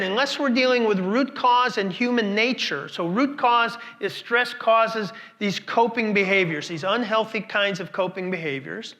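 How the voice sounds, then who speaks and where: High in pitch and sharp in tone, a man's voice carries through a conference talk as he recounts stories, questions the people listening, and repeats words for emphasis.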